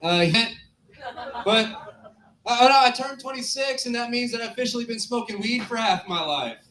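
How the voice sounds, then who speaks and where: A man of twenty-six starting a stand-up set in a small club, halting with many "uh"s. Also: extremely high pitch, expressive, bright, forceful tone. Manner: halting, lots of "uh"s. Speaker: stand-up comic. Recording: roomy club echo.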